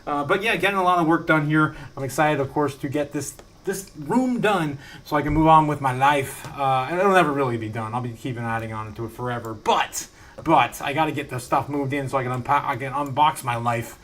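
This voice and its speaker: A man with a mid-range, fairly bright voice talks briskly while hosting a casual live stream from home. He reads viewer messages out loud, rambling with frequent laughter, plenty of fillers, and restarts.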